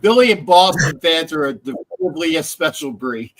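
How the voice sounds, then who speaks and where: Higher-voiced rambling male stream host. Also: animated, a little fast, a bit bright, low-quality recording. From Philadelphia area. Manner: rambling, restarts often, swears. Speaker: livestream host. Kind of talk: casual sports chat.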